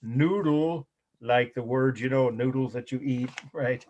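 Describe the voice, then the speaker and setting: A middle-aged man lecturing to a college class in a loose, conversational way, often stopping to correct himself. His voice sits at a middle pitch. He sounds relaxed and informal. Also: a little slow, lo-fi sound, slight background noise. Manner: rambling, self-correcting, conversational. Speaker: college art history instructor.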